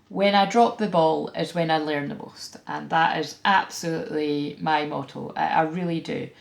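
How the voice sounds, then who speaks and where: Gravelly-voiced Scottish woman, frank and chatty. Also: sits low. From Scotland. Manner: frank, animated, chatty with frequent fillers and asides. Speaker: tarot reader and spiritual channeler. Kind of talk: casual spiritual vlog talk.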